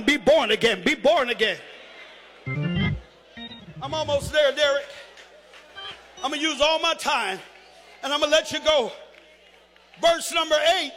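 A male preacher with a strikingly high, bright voice delivers a sermon in a large hall with a long echo. He leans on slow, drawn-out phrases, then breaks into shouts and call-and-response, his pitch swinging widely as he presses each point.

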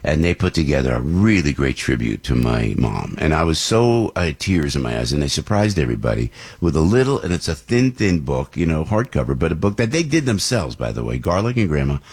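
Middle-aged radio guy, real low husky voice, rambly chat full of uhs. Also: a little fast, few pauses. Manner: animated, rambling, many fillers and restarts. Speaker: radio show host. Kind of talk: casual on-air chat.

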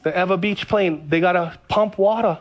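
A male pastor from Hawaii, telling stories in a lively sermon and repeating phrases. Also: high voice, moderate pace. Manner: storytelling, animated, repeats phrases.

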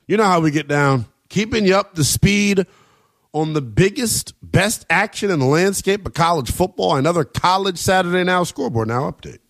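A man's voice: high-pitched, lively intonation, normal speed, a bit bright. A man hosting a late-night college football radio show, brash and joking as he runs through scores and takes. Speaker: radio sports host. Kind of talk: sports talk radio. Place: radio studio.

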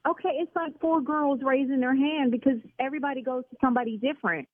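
A woman playing a salon owner on a call, sassy and indignant, quick to start yelling. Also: sits high, no room sound. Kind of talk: prank phone call. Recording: tinny phone line.

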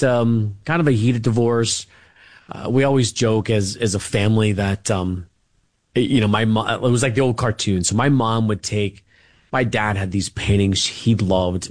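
A man's voice: fairly low pitch, dry recording, studio quality. A man, a guest author, telling family stories in a casual interview, rambling with many fillers and restarts.

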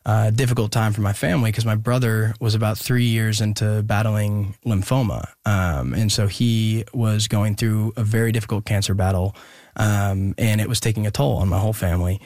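Earnest young man, halting and heartfelt. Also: lowish voice, fairly even intonation, darkish tone, no room sound, studio quality. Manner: halting and earnest, many pauses and restarts. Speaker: guest musician. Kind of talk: personal storytelling in an interview.

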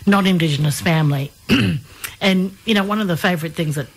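Give me a low-voiced woman interviewing a guest. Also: a little fast, breathy edge. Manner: relaxed, conversational, asks friendly questions. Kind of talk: casual interview.

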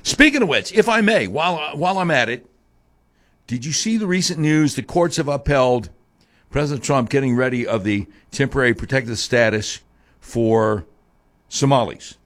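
Animated talk radio man. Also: moderate pace. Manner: animated, swings from low grumble to high mocking tones.

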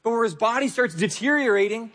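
A preacher voicing a grieving young woman at a tomb, asking anguished, pleading questions in a husky voice. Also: extremely high pitch, animated, fast talker, fairly bright tone, in a large hall, voice pushed up.

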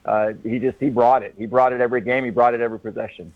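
A radio announcer calling in as a guest, speaking in a thoughtful, halting way with many restarts. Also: male voice, medium pitch, fairly even intonation, no room sound. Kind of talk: phone-in interview. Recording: tinny phone line.

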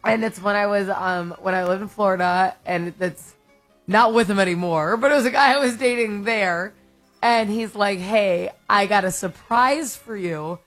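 A woman's voice: medium pitch, moderate pace, faint music behind. A woman co-hosting a radio show in casual chat, telling stories animatedly and acting out what people said. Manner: animated storyteller, acts out quotes. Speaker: radio co-host.

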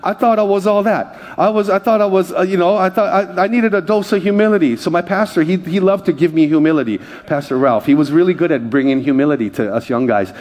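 A man's voice: high voice, fast, hardly any pauses, darkish tone. A man pastor preaching a conversational sermon and joking with the congregation.

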